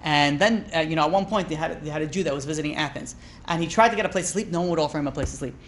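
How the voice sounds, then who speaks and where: A man, a rabbi, teaching a class through lively storytelling, acting out characters' lines and speaking casually with lots of fillers. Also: a little high, racing, slight background noise. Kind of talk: storytelling lecture.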